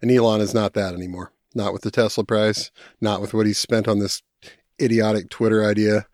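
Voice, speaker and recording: A man's voice: lowish voice, flat delivery, a little fast, a little mellow, dry recording. A man in casual podcast talk, speaking in a dry, blunt, dismissive way. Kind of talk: casual political podcast chat.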